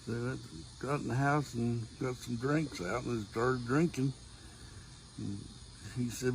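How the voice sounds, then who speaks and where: A man's voice: medium pitch, steady tone, unhurried, creaky, pauses often, slight background noise, low-quality recording. An older man telling dirty jokes outdoors in a folksy, rambling way, leaning on lots of "well"s. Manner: folksy rambling delivery with many wells. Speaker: joke teller.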